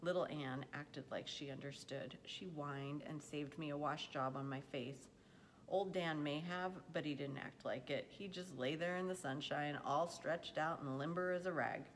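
A woman reading a novel aloud in a measured, expressive storytelling manner. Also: sits low, slight background noise. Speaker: audiobook reader. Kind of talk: audiobook narration.

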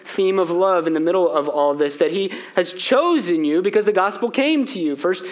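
A man's voice: high voice, animated, normal speed. A middle-aged man preaching a sermon as pastor in a church, talking conversationally and asking the room rhetorical questions. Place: church sanctuary.

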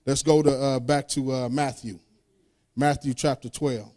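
A man's voice: medium pitch, steady tone, unhurried, dark tone. A man preaching a sermon, reading scripture aloud and breaking into sung, call-and-response lines in casual speech.

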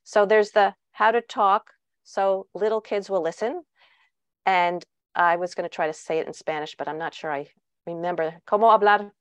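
A woman's voice: medium pitch, steady tone, normal speed, smooth, no echo. A woman author speaking in an online talk, giving parenting advice with frequent restarts.

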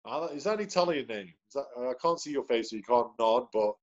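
A man's voice: mid-range voice, expressive, fast talker. A man hosting a sales team video call, chatting cheerfully and greeting people one by one. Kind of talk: upbeat motivational team call. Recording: dull lo-fi video call audio.

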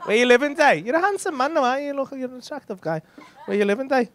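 A male stand-up comedian on a comedy club stage does crowd work, trading cheeky, sweary banter with audience members in a lively, bright delivery. His voice is very high-pitched and fast, recorded live in a noisy room with audience laughter.

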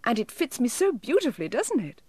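A woman voicing a tiny, eager, fretful male elf with a small silvery voice, high and pleading, in a storybook reading. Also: big pitch swings, fairly quick, dark tone, slightly rough, no echo. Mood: dismayed.

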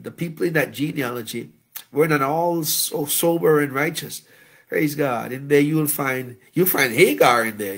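Man, bishop, sermon, gravelly voice, animated, humorous, frequent amens. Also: mid-range voice. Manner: animated preaching with frequent amens and praise interjections; humorous, anecdotal. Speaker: bishop preaching a Bible study.

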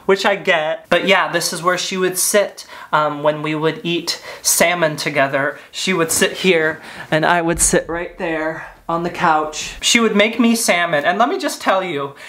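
Bright-voiced young man, wry and grieving. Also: on the high side, unhurried. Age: late 20s. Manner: wry, self-deprecating, drifting into earnest grief. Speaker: vlogger. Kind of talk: confessional monologue to camera. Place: at home in a living room.

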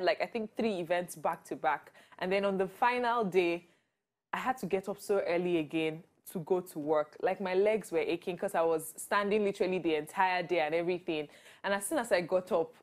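A woman's voice: fairly low pitch, moderate pace. Bubbly Nigerian woman who laughs a lot. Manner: bubbly, laughs often, acts out quoted voices. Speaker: interview guest. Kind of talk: casual interview chat.

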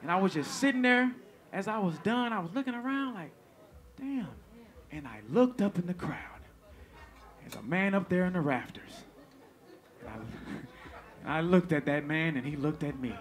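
High-voiced, animated stand-up comedian. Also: male voice, normal speed. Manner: animated, profane, laughing storytelling. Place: stage before a live audience. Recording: live show with crowd.

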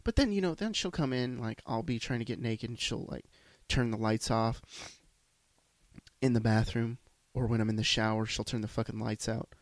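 A man's voice: medium pitch, moderate pace, no room sound. A man hosting a solo podcast, congested from a sinus issue, rambling in a profane, self-deprecating way. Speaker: podcast host. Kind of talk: solo casual monologue. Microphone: podcast microphone.

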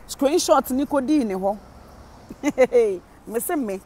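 Lively Ghanaian woman gossip commentator. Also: sits high, slow pace, slight background noise. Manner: animated, mixes Twi and English, laughs often. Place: living in Germany.

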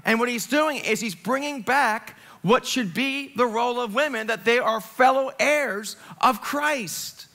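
High, bright-voiced man preaching. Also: unhurried, vocal fry. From Long Island, New York. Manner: animated and conversational, jokes and asides, swings from loud to hushed. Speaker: pastor. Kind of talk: Easter sermon. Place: church sanctuary, live service.

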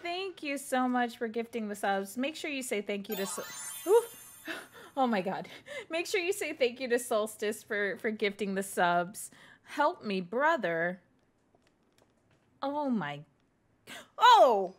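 A woman's voice: a little high, very animated, takes it slowly, pauses often. Jumpy young woman streaming a horror game. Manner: scared and jumpy, whispering and exclaiming, thanking viewers. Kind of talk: live horror game commentary.

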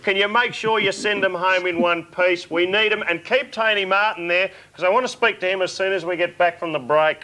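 A man's voice: high voice, pushed and bright. A man hosting a live TV show, easygoing and laughing often. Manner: laughing, easygoing, quick wrap-ups. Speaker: TV host. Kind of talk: live TV chat.

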